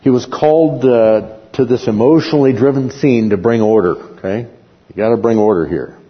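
A man teaches a Bible class in a lively, conversational style, often checking in with his listeners. He speaks fairly quickly at a medium pitch, on a muffled recording made in a reverberant hall.

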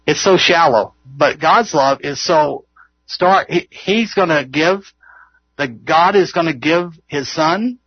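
A man's voice: fairly high pitch, slow, husky, no echo, dull audio. A man leading an informal Bible study, earnest and rambling, often laughing at himself. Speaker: Bible teacher.

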